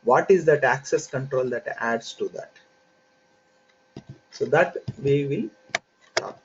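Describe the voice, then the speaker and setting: A man teaching an online software training class, explaining concepts step by step in an unhurried way with frequent fillers. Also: mid-range voice. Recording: dull lo-fi audio with faint hiss.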